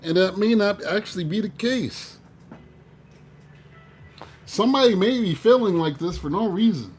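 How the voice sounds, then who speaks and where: A man giving a casual tarot reading, animated, swearing and talking to himself. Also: high-pitched, moderate pace, slightly rough, faint music behind. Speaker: tarot reader.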